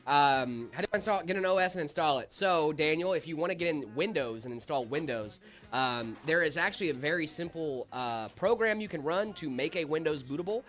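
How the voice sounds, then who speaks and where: A man's voice: on the high side, fairly quick. Easygoing guy hosting a tech stream. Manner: joking, relaxed, answers chat questions. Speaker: tech livestream host. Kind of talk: casual livestream chat.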